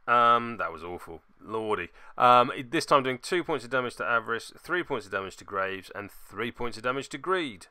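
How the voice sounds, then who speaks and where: A man calls out a tabletop miniatures battle move by move, dropping wry, self-deprecating jokes between rule checks. His voice is bright and crisp, and the sound is dry and close. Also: mid-range voice, expressive, normal speed, few pauses, no room sound. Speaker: tabletop game battle report narrator. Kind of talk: play-by-play narration of a miniatures game.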